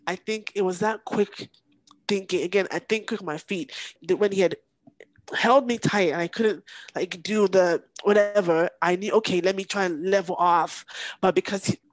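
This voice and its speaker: A woman's voice: medium pitch, dry recording, rough recording. Woman telling an intense story. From Nigeria. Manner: intense, halting, breaks off with emotion. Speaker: podcast guest. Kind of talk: emotional personal storytelling.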